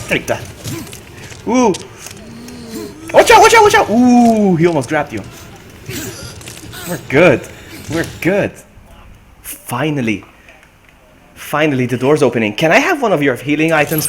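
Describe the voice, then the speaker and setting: A man streaming a co-op game, chatting excitedly with his partner and repeating himself as he reacts. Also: a little high, slight background noise. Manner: excitable, yelps and laughs often, repeats himself. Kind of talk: excited gaming commentary.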